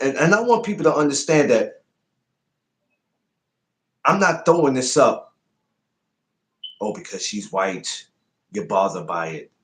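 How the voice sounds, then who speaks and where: A man hosting a podcast, chatting casually, telling stories and asking probing questions. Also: a little high. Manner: animated storyteller, asks probing questions. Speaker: podcast host.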